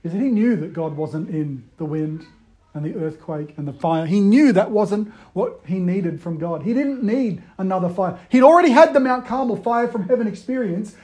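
A man delivers a sermon in a conversational way. His voice sits high but sounds mellow and soft-edged. He swings between emphatic bursts and quiet, hushed retellings. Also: lively intonation, moderate pace. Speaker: preacher.

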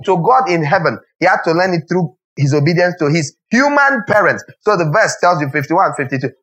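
Man, pastor, sermon, emphatic, repetitive, rhetorical questions, joking asides, a bit high-pitched. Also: fairly bright tone, low-quality recording.

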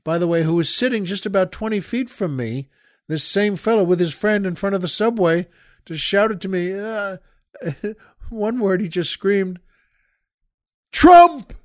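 Older male host, halting storyteller, slightly high voice, dry studio sound. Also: no echo. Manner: rambling, halting, with many restarts and asides to the listener. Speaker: podcast host. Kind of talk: casual storytelling monologue.

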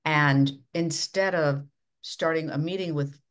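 Speaking as a podcast guest, a Minnesota leadership coach in middle age gives advice in a measured, instructive way. Her pitch and volume shift dramatically as she talks.

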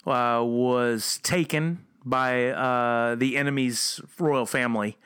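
A man guesting on a casual movie podcast, making quick jokes and riffing on ideas. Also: mid-range voice, steady tone, a bit bright, smooth. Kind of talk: casual chat about movies.

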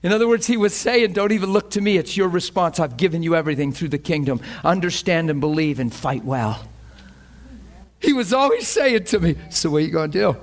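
A man delivers a sermon in a fairly high voice. He preaches with passion, rising toward near shouts, and plays out his own inner resolve in dialogue. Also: animated, brisk. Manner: impassioned, climbing to near shouts.

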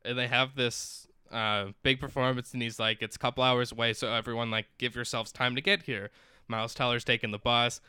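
A man chatting casually, retelling a story in an animated way, with lots of "like". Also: medium pitch, a little fast, clean tone, dry recording. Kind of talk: casual chat.

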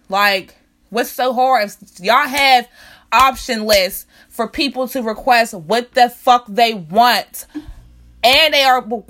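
A woman's voice: fairly high pitch, pushed and bright. A young woman telling an angry, profane storytime rant about a bad salon visit. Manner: profane, heated, repetitive rant.

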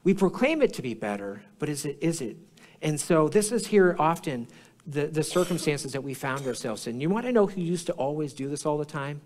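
Slightly high-voiced man pastor preaching. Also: big pitch swings, brisk, darkish tone. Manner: conversational, repeats himself in restarts. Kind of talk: sermon. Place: church.

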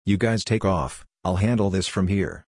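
Tough female crew boss read by a male narrator: curt, deep, husky. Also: steady tone, normal speed, darkish tone, dry recording, studio quality. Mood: conciliatory. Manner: curt, confrontational.

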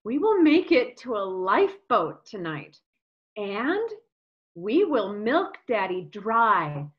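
An actress playing a greedy, entitled young newlywed with profane, theatrical outbursts in a comedic audio drama. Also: female voice, medium pitch, big pitch swings, takes it slowly, lo-fi sound. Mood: scheming.

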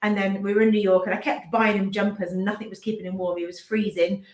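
A woman's voice: medium pitch, flat delivery, fast talker, darkish tone. Woman in her fifties, echoey room. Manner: emotional, restarts sentences, acts out remembered speech. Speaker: business owner and mother, interview guest. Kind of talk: candid personal account in an interview. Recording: roomy echo.

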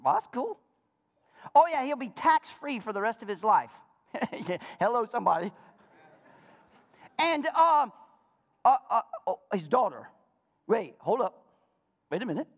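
High-pitched preacher guy, jokey, shouts then drops low, long church reverb. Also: very animated, a little slow, pauses often. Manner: playful, joking asides to the congregation. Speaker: pastor. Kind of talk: sermon.

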